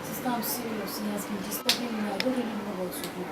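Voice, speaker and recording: A woman's voice: medium pitch, fairly even intonation, quick pace, over loud music, close to an everyday voice. A woman playing a timid young Nigerian sister. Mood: nervous. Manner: soft, nervous pleading. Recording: clear background hiss.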